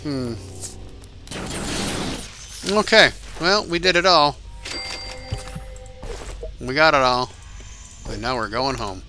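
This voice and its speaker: A man's voice: medium pitch, takes it slowly, pauses often, music in the background. A man hosting a let's-play, chatting casually as he plays, rambling and swearing now and then, a little tired. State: tired, yawning. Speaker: game channel host.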